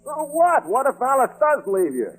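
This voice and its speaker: High-voiced, deadpan sidekick secretary for a 1940s radio comedy, touchy, lively pitch. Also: male voice, normal speed, slightly rough, full character voice, low-quality recording. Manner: deadpan joke delivery, touchy and wheedling. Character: wisecracking scatterbrained male sidekick secretary. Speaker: secretary Frankie Remley. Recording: old radio broadcast with music.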